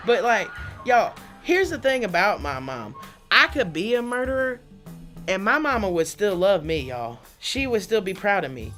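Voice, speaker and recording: A woman doing a stand-up comedy set in a studio, animated and chatty, laughing often through her lines. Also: mid-range voice, moderate pace, faint music behind. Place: studio under lights.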